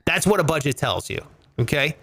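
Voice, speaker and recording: Male podcast host, comedic money talk, animated, higher voice. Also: fairly quick. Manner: animated, swearing, joking rants. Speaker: comedy finance show host.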